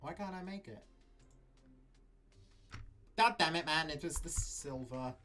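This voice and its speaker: A man streaming live gameplay, talking himself through it in an excitable, nervous way. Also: fairly high pitch, a little slow. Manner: excitable, nervous self-talk. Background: game music.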